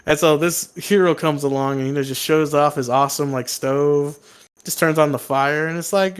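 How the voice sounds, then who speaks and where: A man's voice: a little high, normal speed, smooth. A man co-hosting a podcast in casual chat, rambling and profane, laughing and acting out quotes. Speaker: podcast co-host.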